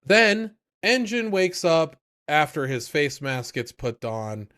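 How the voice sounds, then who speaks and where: Guy on an anime podcast recapping episodes, loud and animated, swears a lot, does little character voices. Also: on the high side, slow, smooth. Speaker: podcast co-host.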